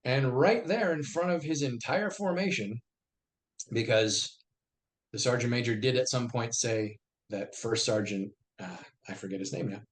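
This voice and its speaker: A middle-aged man, an army veteran guest, telling stories and acting out the dialogue in lively bursts. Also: mid-range voice, moderate pace. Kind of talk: conversational storytelling.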